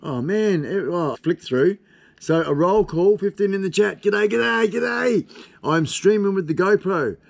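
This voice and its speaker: A man's voice: high voice, normal speed. A man in his fifties with an Australian accent, hosting a casual live stream from his desk at home. He rambles along in a chatty way and swears casually. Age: 50s. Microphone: camera on desk.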